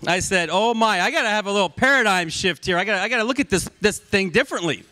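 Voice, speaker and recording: A middle-aged football coach with a high, pushed, bright voice talks quickly, giving a humorous, anecdote-filled induction speech into a corded microphone at an awards banquet. He's a jokey storyteller who acts out dialogue, and the echoey hall makes his voice sound distant.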